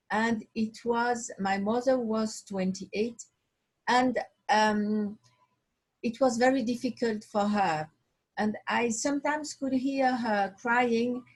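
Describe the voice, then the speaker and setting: A woman from Switzerland tells a personal story as an interview guest, speaking slowly and with many restarts as she hunts for the right word. Her voice is husky and sits a little high. It comes through a video call. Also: low-quality recording. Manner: halting, searching for words, restarts often. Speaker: watch designer, guest.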